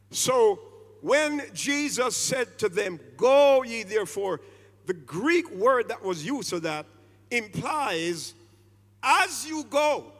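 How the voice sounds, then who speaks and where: High-voiced preacher in a reverberant church. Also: male voice. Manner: preaching with sudden loud stressed words and drawn-out phrases; calls on the congregation to respond. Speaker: pastor. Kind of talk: sermon. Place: church sanctuary.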